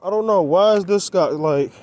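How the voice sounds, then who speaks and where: A man's voice: high-pitched, normal speed, a little mellow. A young man talking loosely to his viewers while working on his car outdoors, a little out of breath. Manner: loose, rambling, talks to viewers as y'all. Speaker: car vlogger. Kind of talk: casual vlog chat. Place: outdoors on a quiet roadside.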